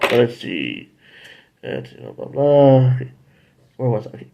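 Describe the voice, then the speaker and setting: A man hosting a casual episode review, rambling and correcting himself, now and then jumping into high acted voices. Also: sing-song, slow pace, gravelly, highs cut off, slight background noise. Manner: rambling, self-correcting, jumps into high-pitched character voices. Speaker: show host reviewing episodes.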